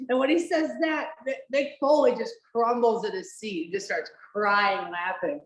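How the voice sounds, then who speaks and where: A woman hosting a casual podcast, talking at a middle pitch and rambling through fillers, restarts and the odd swear word. Her voice rings in a roomy, echoey space. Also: normal speed. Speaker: podcast host. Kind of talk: casual chat, watch-along podcast. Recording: roomy echo.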